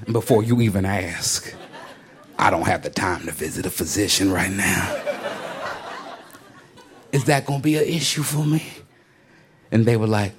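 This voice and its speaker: A male stand-up comedian telling a story in an animated, conversational way and slipping into voices for the people in it. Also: on the low side, unhurried, long pauses.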